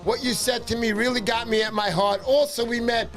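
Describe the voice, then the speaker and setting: A man hosting a fishing livestream, talking fast and excitedly, shouting cheers and pitching memberships. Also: soft background music. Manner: loud, hyped, shouting cheers. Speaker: livestream host. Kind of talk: excited casual livestream chat.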